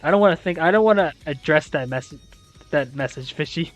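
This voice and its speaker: A young adult esports host runs through league scores and standings, then launches into incredulous, exasperated rants with casual swearing. The voice swings widely and expressively in pitch. Faint music plays underneath. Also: lively intonation, a little fast. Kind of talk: esports league recap and playoff analysis.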